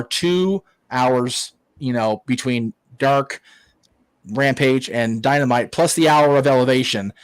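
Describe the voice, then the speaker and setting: In a dry, poor-quality recording, a man with a fairly high voice hosts a wrestling watch-along. It's casual online chat: he rants, swears, and stammers through restarts.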